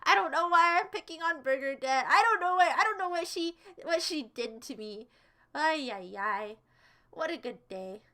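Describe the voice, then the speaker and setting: A woman's voice: sits high, expressive, moderate pace, pushed and bright. A young woman streaming and chatting casually, playful and teasing with her viewers. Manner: playful, teasing, jokey asides. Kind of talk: casual chat with live chat.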